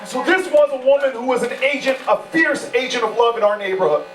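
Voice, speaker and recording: Over music, a man with a very high-pitched voice talks a little fast, delivering a campaign speech to supporters at an indoor event. As a candidate, he spins stories with passionate, repeated rhetorical phrasing, recorded in an echoey, distant room with a hum.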